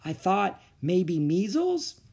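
A man reading aloud, voicing a strict middle-aged woman math teacher who speaks sternly and crisply. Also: high voice, sing-song, slow pace, darkish tone, pitched above the performer's own voice, exaggerated voice. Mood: urgent. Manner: stern, clipped, schoolmarmish.

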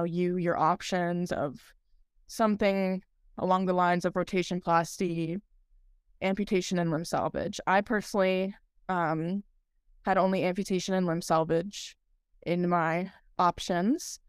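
A woman's voice: lowish voice, smooth, dry recording, clean studio sound. A young woman co-hosting a podcast, telling her story in casual chat with lots of filler words and a laugh here and there. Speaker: podcast co-host.

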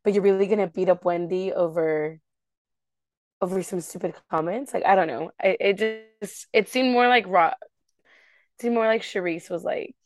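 Female co-host, casual and animated, curses freely, dry close sound. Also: mid-range voice, moderate pace, no echo. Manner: animated, swears, acts out quotes. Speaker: podcast co-host. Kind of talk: casual recap chat.

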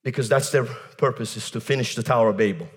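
A man preaching a fiery sermon, shouting, breaking into tongues and mocking laughter. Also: mid-range voice, quick pace. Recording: long hall reverb.

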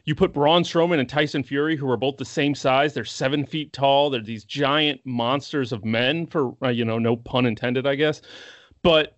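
A man co-hosting a casual wrestling podcast, retelling events with animated acted-out quotes. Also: medium pitch, moderate pace, no echo. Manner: animated storytelling, acts out quotes. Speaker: podcast co-host. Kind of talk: casual chat.

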